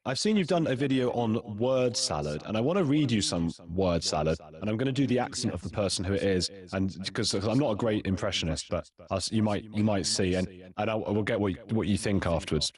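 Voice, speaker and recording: A man's voice: on the low side, lively intonation, brisk, few pauses, a little mellow. A man interviewing a guest in casual chat, speaking hesitantly and self-deprecatingly, with frequent restarts.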